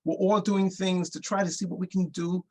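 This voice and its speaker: A man's voice: sits high, level tone, normal speed, low-quality recording. An older man from New York, a bandleader and guest, explaining things earnestly and at length in an interview. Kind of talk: interview conversation.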